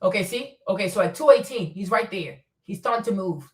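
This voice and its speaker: A woman's voice: medium pitch, expressive, fairly quick, reverberant, recorded from a distance. A woman streamer commenting on footage in a casual, insistent way, repeating herself as she points out details step by step.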